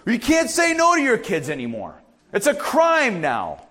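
Man, pastor, sermon, animated, lively swooping pitch, slightly high voice. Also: a little slow, long pauses. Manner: animated, swings from loud urging to quiet asides.

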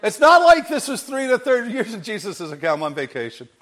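High-voiced emphatic man preaching. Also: big pitch swings, brisk, faint music behind. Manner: emphatic, repeats phrases, swings from quiet to loud. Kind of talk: sermon.

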